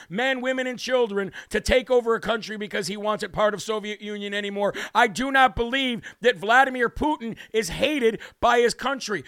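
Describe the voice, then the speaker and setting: A man's voice: extremely high pitch, bright, forceful tone, clear, resonant tone, no room sound, studio quality. A man hosting a political talk show, delivering a brash, combative monologue, openly worked up and hammering his points with repeated declarations. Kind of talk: heated political commentary monologue.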